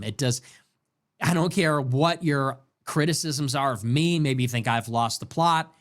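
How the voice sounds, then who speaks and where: A man hosting a late-night livestream commentary show, ranting in a heated, animated way and repeating himself with restarts as he works himself up. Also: mid-range voice. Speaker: show host.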